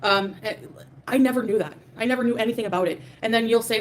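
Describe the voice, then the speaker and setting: Speaking fast in a higher-pitched voice, a young adult woman hosting a livestream rants defiantly at her chat as she reads super chats. She swears and uses lots of fillers, and there's slight background noise.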